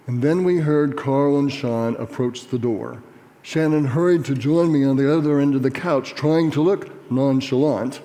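A man reading a personal memoir aloud in a measured, earnest storytelling manner, in a reverberant room. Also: mid-range voice, dark tone. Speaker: reader. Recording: reverberant hall.

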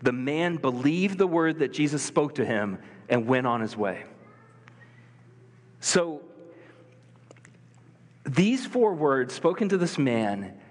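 A man preaches in an easy, conversational style, full of energy. He often acts out the voices of people in the passage. His voice sits at an ordinary pitch and rings with a long hall reverb. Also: darkish tone. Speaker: pastor. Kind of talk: sermon. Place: church sanctuary.

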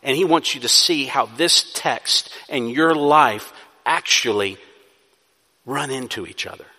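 A man's voice: mid-range voice, a little slow, sharp tone, slightly rough. A man preaching a sermon, building to emphatic peaks and then easing back into a conversational tone. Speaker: pastor. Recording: long reverb of a hall.

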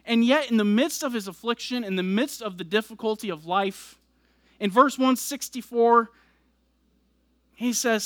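A man's voice: very high voice, normal speed, fairly bright tone, no echo. A man preaching a sermon, explaining scripture verse by verse and building emphasis as he goes. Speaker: pastor.

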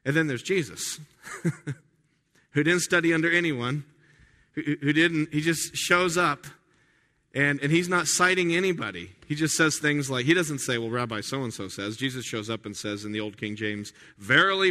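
A man pastor preaching a sermon in a conversational way, full of restarts and rhetorical questions, swinging from quiet asides to loud emphatic lines. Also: medium pitch.

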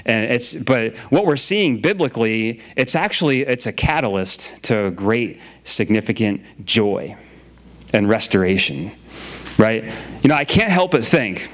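A man's voice: on the low side, animated, measured pace, a bit bright. A man preaching a sermon in a casual, conversational way, often repeating his phrases and using filler words. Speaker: pastor.

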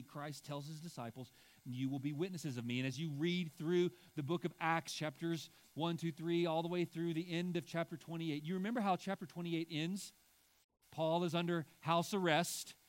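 A man preaching a sermon as pastor, stressing key words and slowing down for emphasis. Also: fairly high pitch.

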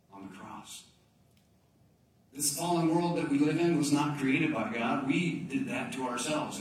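A man preaching a sermon as pastor, swinging from loud emphasis to hushed, near-whispered lines. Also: mid-range voice, a little hiss or hum. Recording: echoey room from a distance, faint ambience.

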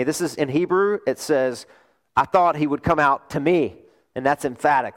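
A male pastor preaching a sermon, telling a story in an animated way and asking rhetorical questions. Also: mid-range voice, normal speed.

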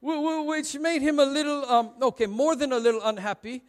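A man's voice: very high voice, steady tone, fairly quick. A middle-aged male pastor giving a humorous sermon, telling stories in a chatty, self-mocking way. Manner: chatty, self-mocking storytelling with frequent laughs. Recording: long reverb of a large hall.

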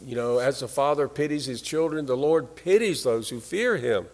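A man's voice: mid-range voice, animated, normal speed. A man preaching a sermon in an earnest, emphatic way, leaning hard on key phrases. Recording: long hall reverb.

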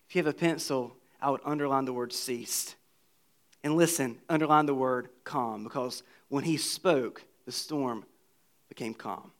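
A man with a high, light voice preaches a sermon from the pulpit. He is earnest and reads scripture aloud, and he often sinks to a low, quiet tone to stress a point. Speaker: pastor.

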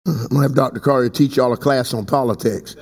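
A man preaching a sermon as bishop of his church, talking conversationally and breaking into loud emphatic bursts. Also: medium pitch, fast, slightly rough. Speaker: bishop and pastor. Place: church sanctuary. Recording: long reverb in a large hall.

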